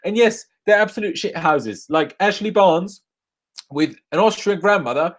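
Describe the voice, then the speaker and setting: A young man live-streaming a rant after a football match, angry and swearing, jumping from loud outbursts to low muttering into a desk microphone. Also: fairly quick. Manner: angry, swearing, swings between shouting bursts and low muttering.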